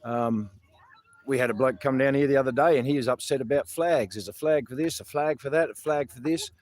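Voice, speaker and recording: Speaking a little fast with a medium pitch and darkish tone, this Australian man runs a casual outdoor livestream about a protest from a public garden. He rambles earnestly, restarting often and leaning on fillers.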